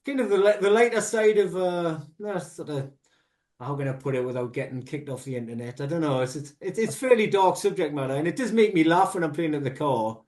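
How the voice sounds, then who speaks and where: A man co-hosting a relaxed music podcast, talking in a voice that sits a little on the high side. He explains his views at length with plenty of asides, drifting from one tangent to the next. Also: brisk. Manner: rambling, animated explanations with asides. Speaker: podcast co-host. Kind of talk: casual music review chat.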